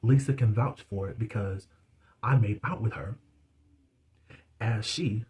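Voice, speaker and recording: A man's voice: fairly low pitch, unhurried, darkish tone, highs cut off. Gossipy man recapping reality TV. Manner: gossipy, chatty, laughs often; dialect words like "y'all" and "you be". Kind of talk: casual recap commentary.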